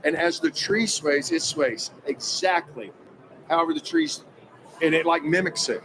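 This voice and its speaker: Excitable man telling a story. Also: on the high side, unhurried, a little hiss or hum, poor audio. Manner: acts out quoted dialogue, excitable, emphatic. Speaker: guest recounting a personal experience. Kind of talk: animated spoken storytelling.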